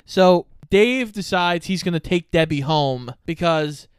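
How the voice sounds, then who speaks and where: Smooth-voiced podcast co-host recapping a film. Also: mid-range voice, lively intonation, measured pace, no room sound, studio quality. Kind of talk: casual movie recap.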